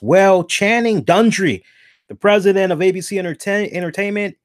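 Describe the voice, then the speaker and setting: A man with a slightly raised pitch hosts a casual talk show. He talks bluntly and animatedly, swears freely and hiccups now and then after a beer. The sound is dry and close. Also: normal speed, no echo. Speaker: podcast host. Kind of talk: casual commentary.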